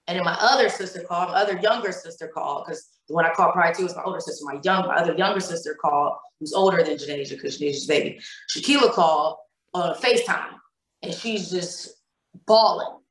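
A woman's voice: lowish voice, fast talker, a bit bright, roomy sound, poor audio. A woman from Cleveland, Ohio, telling a painful personal story as a podcast guest, repeating words and acting out quoted dialogue.

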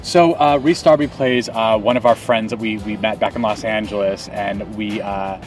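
A man's voice: on the low side, steady tone, normal speed, far from the mic, faint music behind. A man, an actor guest, chatting casually in an interview with a lot of restarts and easy laughter.

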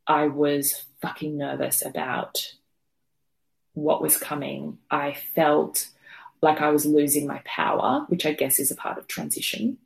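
A woman's voice: deep voice, fairly even intonation, measured pace, gravelly. A woman being interviewed, telling a raw, emotional personal story, swearing freely and rambling with fillers. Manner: rambling with many fillers and restarts. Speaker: podcast guest telling her birth story.

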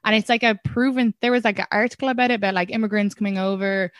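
A young Irish woman, a comedian guest, telling stories in a casual podcast chat with lively restarts. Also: mid-range voice, fast talker, no room sound. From Ireland. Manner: animated storytelling with frequent restarts and laughs.

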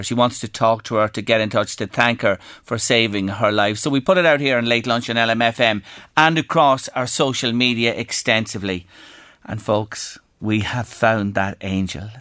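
An Irish man presenting a radio talk show into a studio microphone. He talks in a gentle, earnest manner, his mid-range voice sitting close and dry with no room around it. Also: mid-range voice, no echo.

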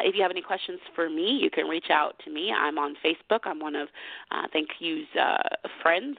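A woman with a low voice and vocal fry joins a phone-in radio talk show as a guest, explaining cuddle party facilitation in a warm, chatty, friendly way. She laughs often and repeats details slowly, heard over a tinny, dry phone line.

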